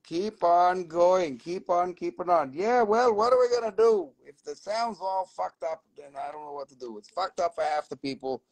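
Gravelly, profane live-stream rock seller. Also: male voice, high voice, lively intonation, moderate pace, hardly any pauses, no echo, rough recording. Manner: rambling and profane, swearing often. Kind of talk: casual live sales stream.

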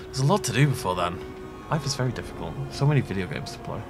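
A man's voice: on the low side, expressive, fast, music in the background. A man hosting a let's play, rambling casually and laughing often while he plays. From half Irish. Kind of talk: casual gaming commentary.

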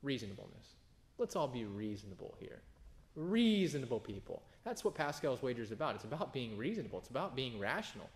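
A man, a pastor, giving an informal sermon, often restarting phrases and jumping into sudden emphatic high bursts. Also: sing-song, fast. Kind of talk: conversational sermon.

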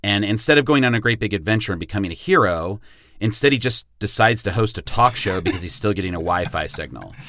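A middle-aged man guesting on a podcast, easygoing and quick to laugh as he tells stories. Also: on the low side, lively intonation, pushed and bright, no room sound, studio quality. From Chicago area. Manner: easygoing, laughs while talking. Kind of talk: casual podcast chat.

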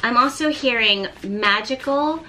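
A woman giving a tarot reading to her viewers, gently encouraging them and reading card texts aloud. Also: a little high, measured pace, slight background noise. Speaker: tarot reader.

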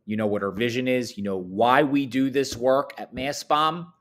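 A man giving morning announcements at a high school in an upbeat, chatty way, swooping up high for emphasis. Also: fairly even intonation, moderate pace.

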